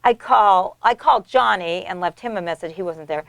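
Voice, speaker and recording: A middle-aged American actress telling stories in an interview, animated and effusive with frequent restarts. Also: female voice, on the low side, moderate pace, vocal fry, no room sound. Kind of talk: casual storytelling in an interview.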